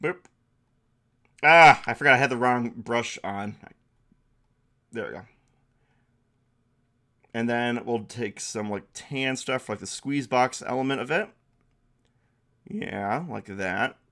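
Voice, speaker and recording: A man's voice: mid-range voice, slow, long pauses, pushed and bright. Man, game master, casual streamer narration, thinking aloud, mid-range voice. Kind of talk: narrating a Twitch-chat tabletop game.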